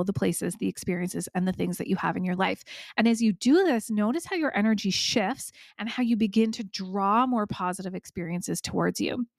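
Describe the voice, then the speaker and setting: Woman podcast host, encouraging direct coaching, mid pitch, dry recording. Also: vocal fry, dry recording. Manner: warm encouraging, speaks directly to listener. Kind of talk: solo podcast coaching talk.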